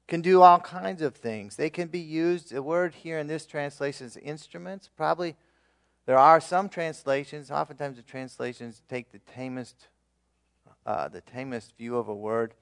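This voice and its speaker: Earnestly preaching, a male pastor has his congregation repeat declarations after him, using emphatic shifts in loudness and a few fillers. His mid-range voice has a clean tone.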